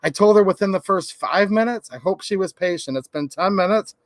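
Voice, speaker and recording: A man's voice: high-pitched, a little fast, no echo. A man hosting a livestream, talking in a fired-up, emphatic way. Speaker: livestream host. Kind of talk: casual livestream talk.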